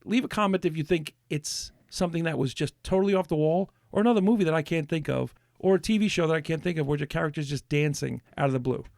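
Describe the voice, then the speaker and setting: A man's voice: fairly high pitch, fast, gravelly, few pauses, a little mellow, no echo, studio quality. A man hosting a podcast, telling rambling stories in a casual chat with lots of restarts. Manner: rambling storyteller with many restarts. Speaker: podcast host.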